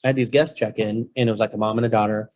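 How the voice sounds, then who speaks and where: A man of Mexican heritage, a rental-business guest on a podcast, telling a story in a playful, animated way with acted-out quotes. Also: on the low side, rapid-fire. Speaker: guest, short-term rental host. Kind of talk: casual storytelling.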